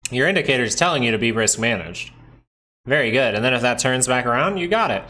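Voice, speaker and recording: A man in the middle of his voice range hosts a live stock market stream, talking through charts in a casual, excitable way. He keeps asking questions and answering them himself. His tone is bright and forceful, close to a desk mic. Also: mid-range voice, fast talker. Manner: excitable, thinks aloud, asks himself questions. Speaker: stock market livestream host.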